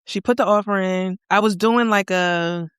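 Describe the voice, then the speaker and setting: A young woman from Philadelphia, a guest on an interview, telling her story candidly and acting out her own past dialogue with lively energy. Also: mid-range voice, moderate pace, clear, resonant tone, no room sound, clean studio sound. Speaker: guest, accountant and entrepreneur.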